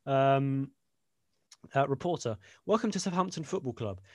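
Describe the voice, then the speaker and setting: A man's voice: mid-range voice, animated, moderate pace, no room sound. A young man co-hosting a casual podcast, reading funny sporting quotes aloud and laughing often. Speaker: podcast co-host.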